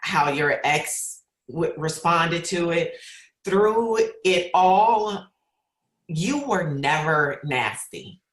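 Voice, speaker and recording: A woman hosting a podcast, reflecting back on her guest's story in measured talk. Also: lowish voice, expressive. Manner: measured, with many fillers and restarts. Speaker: podcast host. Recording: roomy echo.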